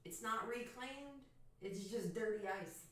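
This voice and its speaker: A woman's voice: a little high, takes it slowly. A woman in her thirties from Florida, telling a profane, joking story casually to her stream chat. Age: 30s. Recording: echoey room, far from mic.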